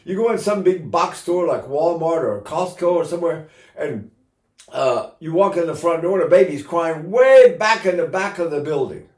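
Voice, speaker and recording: A man's voice: fairly high pitch, expressive, moderate pace, a little mellow. A man in his eighties giving an informal singing lesson as a voice teacher, talking in a chatty way with joking asides. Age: 80s. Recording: roomy echo.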